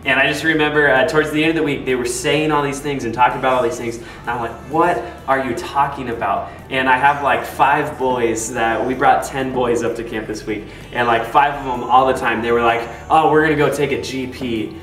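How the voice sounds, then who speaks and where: A man's voice: mid-range voice, brisk, hardly any pauses. Man telling camp stories in a roomy space. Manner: animated, laughing retelling with many fillers. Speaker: youth pastor. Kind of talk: casual storytelling to camera. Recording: roomy, distant, faint music.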